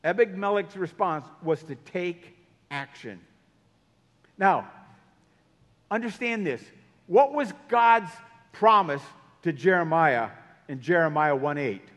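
High-voiced preacher in a reverberant hall. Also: male voice, sing-song, takes it slowly, long pauses, a bit bright. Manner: storytelling preacher, varies pace for emphasis. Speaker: pastor. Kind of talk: sermon.

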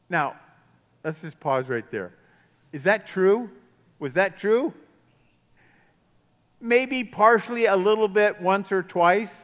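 A man's voice: sits high, slow pace, long pauses, fairly bright tone. A man preaching a sermon in a casual, conversational way, asking his listeners many questions. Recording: long hall reverb.

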